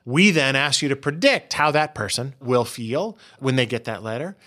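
A man being interviewed as a researcher, explaining his findings in an animated way and often restarting words. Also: mid-range voice, normal speed. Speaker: guest researcher. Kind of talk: interview answers.

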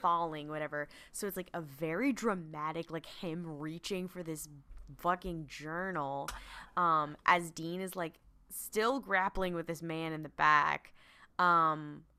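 Bright-voiced woman recapping casually. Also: deep voice, clear, resonant tone. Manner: quick, swearing, acts out quoted lines. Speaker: podcast co-host.

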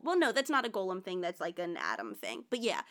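A woman's voice: on the low side, huge pitch swings, brisk, fairly bright tone. A woman hosting a podcast, chatting enthusiastically about a musical with a guest. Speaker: podcast host. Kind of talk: casual chat about musicals.

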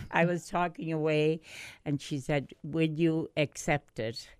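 Chatty woman guest on a radio show, smooth clear voice, dry studio sound. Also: sits low, fairly even intonation, slow pace, a little mellow, no echo. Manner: talkative, breathless storyteller. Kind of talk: casual radio interview. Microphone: studio microphone.

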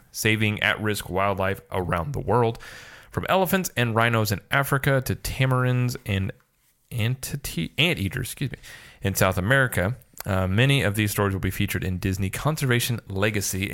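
A man's voice: fairly low pitch, a bit bright. A man co-hosting a casual podcast, reading news aloud at length and breaking into playful jokes. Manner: jokey, quick asides, playful exaggerated voices. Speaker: podcast co-host.

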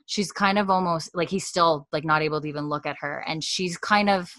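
A woman's voice: low voice, fairly quick, a bit bright. A woman co-hosting a casual podcast, animatedly retelling a TV episode and acting out its dialogue, full of "like" and "um". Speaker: podcast co-host recapping a TV episode. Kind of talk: casual chat.

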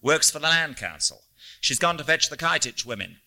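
A man's voice: a little high, expressive, normal speed, bright, forceful tone, pitched above the performer's own voice, full character voice. A man voicing a patient, reasonable younger man in an audiobook reading.

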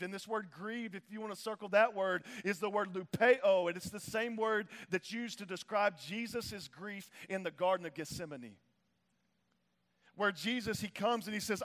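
High-voiced pastor in a reverberant hall. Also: male voice, normal speed, fairly bright tone. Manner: casual, slangy, repeats phrases for emphasis. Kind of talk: sermon.

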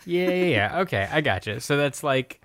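A man's voice: a little high, expressive, normal speed, fairly bright tone, slight background noise. A man co-hosting a podcast, easygoing in casual comedic chat and laughing often. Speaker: podcast co-host.

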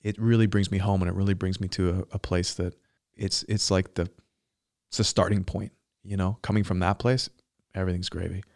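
A man speaks in a somewhat low voice, slowly recounting a personal experience in relaxed conversation. He pauses and restarts as he searches for words. The sound is dry and close, with little room behind it. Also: no echo. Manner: reflective, searching for words, frequent fillers. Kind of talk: casual storytelling conversation.

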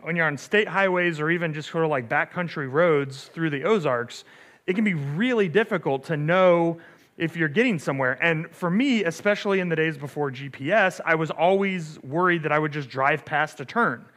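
Middle-aged pastor guy telling a story in his sermon, bright voice, kinda high, lots of uh and right?. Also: moderate pace. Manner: chatty, full of fillers and restarts, says "right?" often.

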